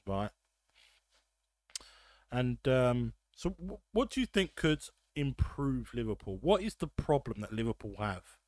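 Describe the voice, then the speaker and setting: A man hosting a casual football podcast, ranting and swearing with quick asides. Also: medium pitch, lively intonation, no room sound. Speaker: podcast host.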